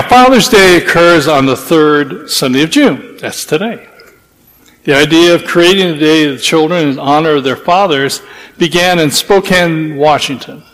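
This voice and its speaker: A man's voice: a little high, in a large hall, poor audio. A man giving a sermon, telling stories in a folksy, rambling way with frequent restarts. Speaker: preacher. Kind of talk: sermon with storytelling.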